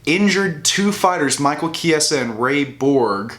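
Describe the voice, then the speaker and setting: A man's voice: fairly high pitch, animated, unhurried, fairly bright tone. A young man venting in a casual, profane commentary rant, full of restarts and mocking asides. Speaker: bodybuilding vlogger.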